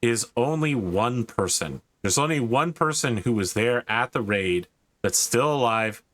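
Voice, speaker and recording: A man's voice: medium pitch, expressive, a little slow, a bit bright. A man narrating as game master of a tabletop game, describing scenes in a laid-back way.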